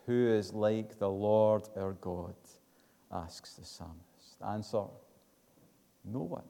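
A man preaching a sermon, slow and measured, building to emphatic declarations. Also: on the low side, vocal fry, mellow, long reverb tail.

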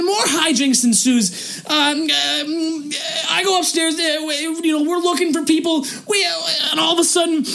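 A woman hosting a podcast, telling a comic story in a rambling way full of restarts and fillers, and shouting in the action scenes. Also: very high voice, creaky. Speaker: podcast host. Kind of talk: comedic storytelling.

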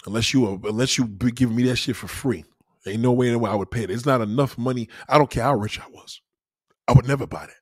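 A man ranting at mid pitch, swearing freely and firing off one rhetorical question after another. The sound is dry and close, with no room echo. He talks straight to his livestream viewers. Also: fast talker. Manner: profane, emphatic, full of rhetorical questions. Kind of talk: ranting monologue.

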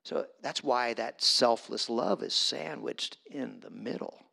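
A man's voice: mid-range voice, takes it slowly, vocal fry, bright, forceful tone. A middle-aged man giving a conversational storytelling sermon as a guest preacher, self-deprecating and acting out his own quotes. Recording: long hall reverb with music.

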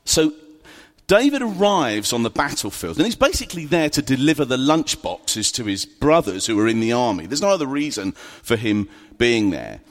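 A man preaching in a casual, storytelling way, tossing in humorous asides. His pitch swings up and down with lively energy. The sound carries a long, echoing reverb, as in a large hall. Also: moderate pace. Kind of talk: sermon.

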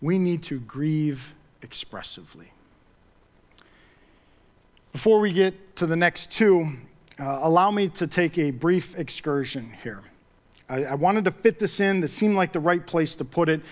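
A man's voice: a little high, lively intonation, a little slow, long pauses. A man preaching a sermon as pastor, talking conversationally and building to emphatic swells with repeated phrases.

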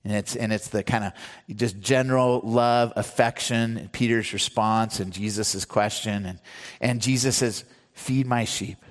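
A man's voice: lowish voice, steady tone, a little slow. Man preaching a sermon in a reverberant hall. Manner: earnest storytelling preacher, acts out quotes. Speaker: pastor.

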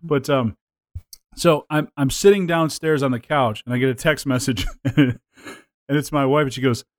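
A man in casual podcast chat, laughing often and tripping over his restarts. He sits at an average pitch for a man, and the mic is close and dry with no room in it. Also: normal speed, no room sound. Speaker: podcast host.

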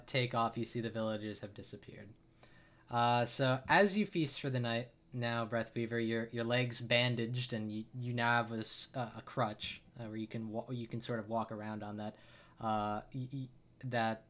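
A man's voice: mid-range voice, steady tone, moderate pace, fairly bright tone. A man narrating a tabletop role-playing game as game master, with frequent uhs and restarts. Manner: many filler uhs, restarts.

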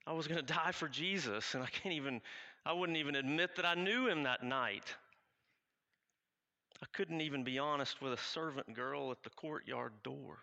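A man playing a remorseful male apostle in a first-person dramatic monologue, confessional and halting. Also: fairly high pitch, vocal fry, sharp tone, dull audio. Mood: anguished. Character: remorseful male apostle recounting his denial.

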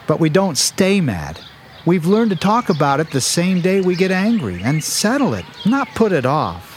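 A patient, reassuring father in a family audio drama. His voice rises and falls with lively warmth as he explains things gently. Faint hiss runs behind him. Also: high voice, moderate pace. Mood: gentle.

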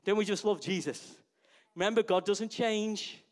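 A man preaching a sermon to his church in a lively way, often asking the congregation rhetorical questions. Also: high voice, normal speed. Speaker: pastor.

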